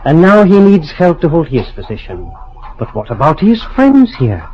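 An actor playing a skeptical American professor in an old-time radio drama, inquisitive and probing. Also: male voice, on the high side, huge pitch swings, moderate pace. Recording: dull lo-fi old radio recording with faint hiss.

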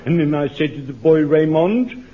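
An actor playing an elderly, flustered shopkeeper soldier who stammers and repeats himself eagerly, in radio sitcom acting. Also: male voice, a little high, lively intonation, normal speed, breathy edge. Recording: dull lo-fi radio recording.

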